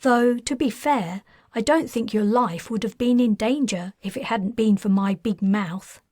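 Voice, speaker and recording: A woman's voice: a little high, a little slow, a little mellow, dry recording, studio quality. A woman reading a wry, stubborn heroine. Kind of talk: audiobook character reading.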